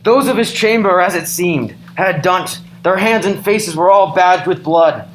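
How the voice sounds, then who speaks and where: A young actor playing a courteous nobleman, reciting in a measured way in a school stage play. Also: mid-range voice, soft background music, natural voice, low-quality recording. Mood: uneasy.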